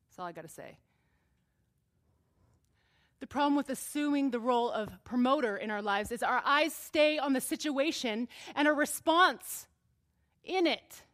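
A woman preacher giving a sermon to a live congregation in a church, conversational and joking, moving from quiet asides to emphatic passages. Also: a little high, moderate pace. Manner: jokes and laughs with listeners.

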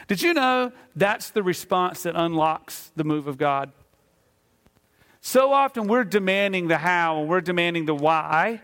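A pastor preaching a sermon, telling a Bible story conversationally and acting out the voices of its figures. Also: male voice, high voice, expressive, measured pace, fairly bright tone. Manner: conversational with fillers. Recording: long hall reverb.

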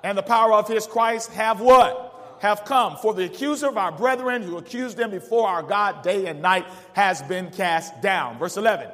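A male pastor preaching a call-and-response sermon, reading verses aloud and pausing for the congregation to fill in the words. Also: high voice, fairly bright tone, in a large hall. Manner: preaches with rising call-outs and asks the congregation to finish verses.

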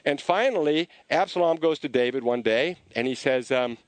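A man telling a story in a conversational sermon, animated and often restarting his sentences. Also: medium pitch, moderate pace, no room sound. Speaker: preacher.

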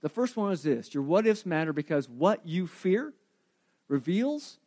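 A middle-aged man, a pastor, preaching an animated sermon and questioning the congregation directly. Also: sits high, measured pace.

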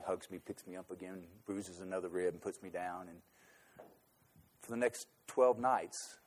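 A man telling a personal anecdote, shifting between loud, emphatic bursts and quiet, low asides. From United States. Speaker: speaker recounting a trip abroad.

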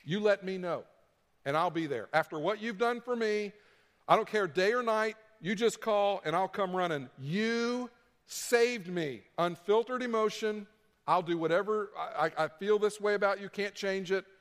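A man's voice: high voice, moderate pace, big-room sound. A man preaching a sermon, repeating key phrases for emphasis and acting out what people would say. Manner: preaching with emphatic repetition and acted-out quotes. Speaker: pastor.

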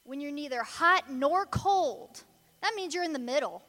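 A woman's voice: high-pitched, lively intonation, a little slow, a bit bright, big-room sound. A woman preaching a sermon in an emphatic, conversational way.

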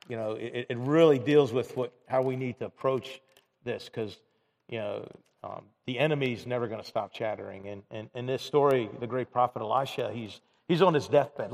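A man preaching a conversational sermon in a church, with many restarts and fillers. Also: mid-range voice. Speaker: pastor. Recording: reverberant church hall.

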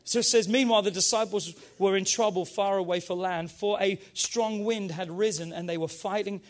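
High-voiced man preaching with fervor. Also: normal speed. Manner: energetic, emphatic preaching with call-and-response urging. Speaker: pastor. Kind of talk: sermon.

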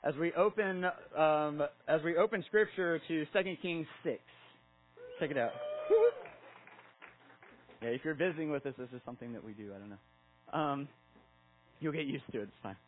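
A man's voice: fairly high pitch, normal speed, long pauses, a little hiss or hum, low-quality recording. A man in his thirties preaching a sermon, casual and conversational, acting out Bible stories with filler words. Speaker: pastor.

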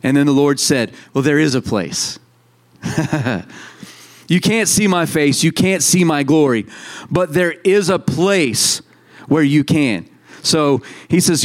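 A man's voice: on the high side, lively intonation, measured pace. A man in his thirties preaching a sermon in a conversational way, telling stories and acting out quoted voices. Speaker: pastor.

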